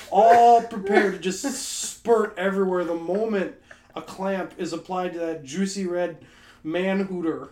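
A man co-hosting a podcast in casual banter, answering with dry, deadpan put-downs. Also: high-pitched, measured pace, roomy sound, background noise. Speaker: podcast co-host.

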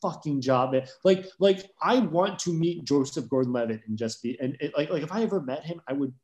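A man co-hosting a podcast, rambling excitably with lots of fillers and casual swearing, over a remote call. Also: on the high side, a little fast. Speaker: podcast co-host. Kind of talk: casual film discussion.

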